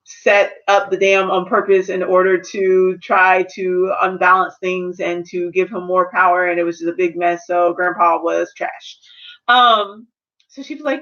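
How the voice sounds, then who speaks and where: A woman with a high voice chats through a film review in a sassy, slangy, playful way. The recording sounds dull and lo-fi. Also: a bit bright. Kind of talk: casual spoiler review chat.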